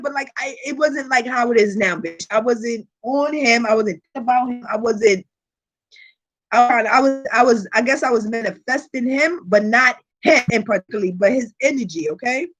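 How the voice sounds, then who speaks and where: High-pitched woman telling a profane story. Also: moderate pace. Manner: animated, profane, dramatic storytelling; frequent rhetorical check-ins to viewers. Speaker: tarot reader and channel host. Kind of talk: casual storytime vlog.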